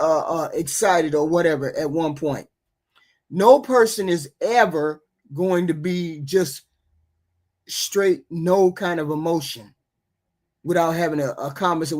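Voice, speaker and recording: A woman's voice: low-pitched, darkish tone. A woman hosting a livestream talk show, arguing with impassioned energy and often repeating herself as she presses her point. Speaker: host. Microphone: remote call.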